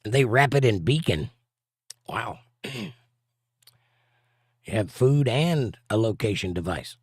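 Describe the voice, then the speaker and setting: A man's voice: lowish voice, expressive, slow pace, darkish tone, husky, no echo. A man with a Southern US accent hosting a casual livestream, reading viewer comments aloud with dry, sarcastic humor. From southern United States. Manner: dry, sarcastic, drawling asides. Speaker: livestream host reading chat. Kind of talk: casual chat.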